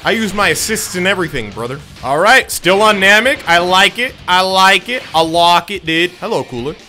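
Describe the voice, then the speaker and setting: A young man talks through his gameplay in a fairly high, lively voice that jumps around as he jokes and uses slang. Game music plays clearly underneath. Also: moderate pace. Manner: animated, joking, slangy. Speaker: gaming YouTuber. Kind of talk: casual gameplay commentary.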